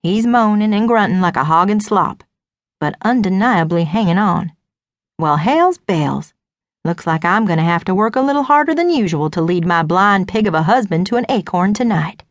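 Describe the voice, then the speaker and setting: Woman reading first-person fiction, sly and deadpan, medium pitch, dry studio sound. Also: brisk, dry recording. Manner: wry, knowing, deadpan asides. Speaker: audiobook narrator. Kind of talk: first-person audiobook narration.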